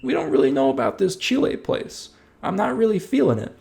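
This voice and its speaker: A man voicing a hesitant French settler who has just arrived and is unimpressed with his new home, in a high, drawn-out voice. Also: sing-song, creaky, a little mellow, heavily acted. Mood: skeptical.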